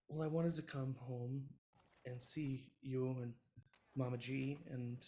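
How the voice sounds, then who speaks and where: A man's voice: mid-range voice, steady tone, drawn-out words, a little mellow. A man voicing a returned grown child in a tabletop game, speaking in a subdued, hesitant, apologetic way.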